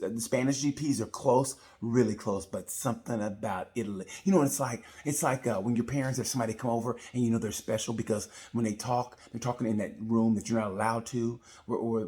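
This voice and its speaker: A man giving a rambling, profane comedic review of a motorcycle race. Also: lowish voice. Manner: rambling, profane, animated storytelling. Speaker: comedy racing commentator.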